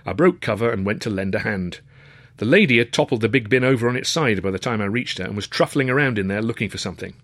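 A man's voice: lowish voice, animated, quick pace, fairly bright tone, no room sound. Wry male storyteller. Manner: wry, dry-humoured, conversational storytelling. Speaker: author reading his own novel. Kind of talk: storybook narration.

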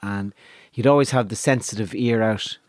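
A man's voice: fairly low pitch, moderate pace, darkish tone, no echo, studio quality. A man with an Irish accent chatting casually, rambling and restarting as he tells stories. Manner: rambling storyteller, stammers and restarts, swears. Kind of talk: casual chat.

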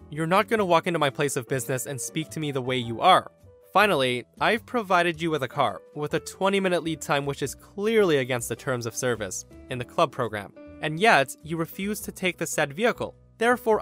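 A man hosting a podcast, reading a story aloud in an animated, sardonic way. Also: fairly high pitch. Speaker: podcast host reading stories. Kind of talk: story narration with quoted voices.

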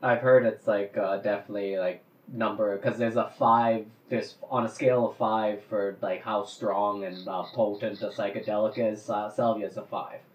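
A man telling a story in casual chat, getting animated and loudly acting out the people he quotes. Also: on the low side, normal speed, hardly any pauses. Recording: roomy, dull lo-fi sound.

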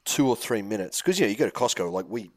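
A man's voice: fairly low pitch, expressive, fast talker, dry recording. A man co-hosting a podcast, talking in a laid-back, joking way and swearing casually. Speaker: podcast co-host.

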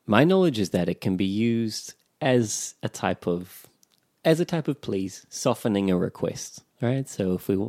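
A man's voice: fairly low pitch, dark tone, no echo, studio quality. A man co-hosting a language lesson, attentive and affirming with frequent murmurs. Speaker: podcast co-host and learner. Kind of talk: bilingual language lesson chat.

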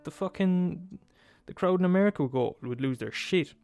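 A man's voice: high voice, moderate pace, gravelly, a little mellow, soft background music. A man hosting a podcast, delivering a comedic rant full of swearing and emphatic repetition. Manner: profane, emphatic, laughs at his own points. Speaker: podcast host.

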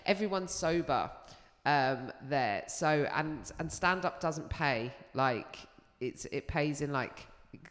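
A woman comedian with a London accent, telling lively, swear-laced anecdotes on a live talk show. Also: sits low, slow pace, few pauses. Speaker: comedian guest. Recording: long hall reverb.

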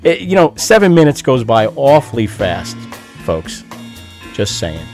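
A man's voice: medium pitch, sing-song, a little slow, darkish tone, faint music behind. A man hosting a show, chatting casually and running himself down after playing a clip. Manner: self-deprecating, chatty. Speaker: radio show host. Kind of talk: casual host talk.

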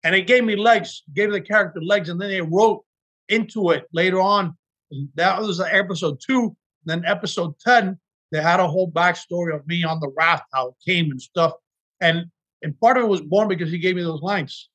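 A man's voice: sits high, moderate pace, a bit bright, breathy edge. A man, an actor, telling earnest, emotional stories from his work in a casual interview chat. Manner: earnest, emotional storytelling with restarts. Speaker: actor guest.

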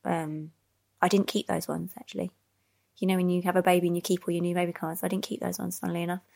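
Calm mum, low and a bit gravelly, even and flat. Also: female voice. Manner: calm, measured, many ums. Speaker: interviewee, mother. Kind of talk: casual chat.

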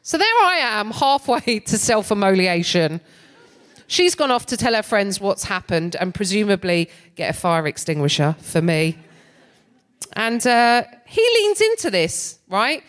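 A middle-aged English woman, a comedian and co-host, telling a story in stand-up with a wry, animated delivery that often breaks into laughter. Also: mid-range voice, a little slow.

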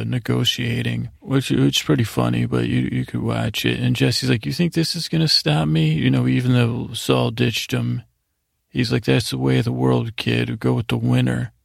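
Gravelly guy droning thru an episode recap for bedtime, pretty flat, lots of uhs. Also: mid-range voice, no echo, clean studio sound. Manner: rambling, monotone retelling with lots of fillers. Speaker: podcast host.

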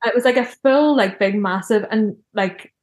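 Young woman rambling thru her story, lots of "like", middle pitch, roomy echo. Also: normal speed. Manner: chatty, heavy use of "like" fillers. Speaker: guest telling her birth story. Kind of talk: casual personal storytelling.

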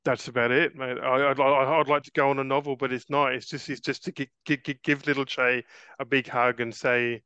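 A bright, forceful man in his forties speaks as a guest in a casual interview. He is earnest, stumbles and repeats words as he goes, and keeps calling the host mate. His voice is smooth and dry, with slightly dull, lo-fi audio. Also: medium pitch, level tone, normal speed, dry recording. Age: 40s.

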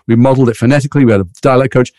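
In a casual interview, a guest actor from Liverpool rattles through stories at speed, rambling and full of energy. He's an English man with a mid-range voice and a mixed British accent showing mild Liverpool and London traces. Studio quality, with no echo.

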